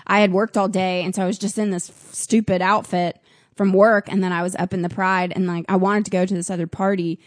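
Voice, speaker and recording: A woman with a medium-pitched voice co-hosts a casual podcast, working through a list. She stumbles and restarts sentences, leaning on filler words. The sound is close and dry. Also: level tone, a little fast, no echo. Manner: apologetic, restarts sentences, says "um" and "like" a lot. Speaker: podcast co-host.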